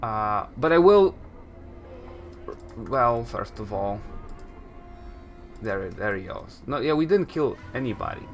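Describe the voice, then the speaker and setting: A man's voice: mid-range voice, lively intonation, slow, pauses often, faint music behind. A man giving casual let's-play commentary, rambling, correcting himself and chuckling at himself as he plays and reads aloud. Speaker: gameplay commentator.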